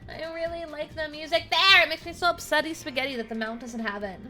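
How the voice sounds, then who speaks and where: A woman streaming a video game, chatting excitedly with viewers, squealing and swearing when surprised. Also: high-pitched, quick pace, soft background music. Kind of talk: casual live-stream chatter while playing.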